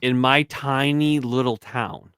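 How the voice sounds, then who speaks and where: A man's voice: medium pitch, fairly even intonation, takes it slowly, fairly bright tone, clear, resonant tone, no room sound, studio quality. A middle-aged man from Canada, telling rambling stories in casual chat, laughing often and acting out what others said. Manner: rambling storyteller, laughs a lot, acts out quotes.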